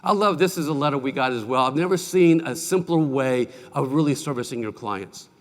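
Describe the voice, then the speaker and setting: A middle-aged man giving a folksy, animated keynote speech at a conference, telling stories and asking the audience questions. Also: mid-range voice, brisk. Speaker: keynote speaker. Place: large conference hall. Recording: distant mic with long hall reverb.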